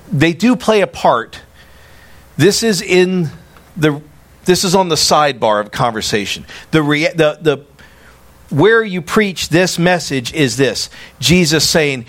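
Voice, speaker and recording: A man preaching a sermon as a pastor, animated and emphatic, acting out quoted dialogue. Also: on the high side.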